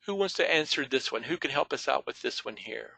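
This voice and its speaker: Male teacher, online class, patient, calls on students, gravelly, bright tone. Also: medium pitch, expressive, brisk, no echo. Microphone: video call.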